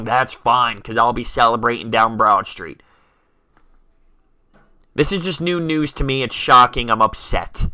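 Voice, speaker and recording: A man's voice: medium pitch, moderate pace, pushed and bright, no echo. A young man hosting a solo sports talk podcast, dramatic and self-mocking as he rattles off scores. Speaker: podcast host.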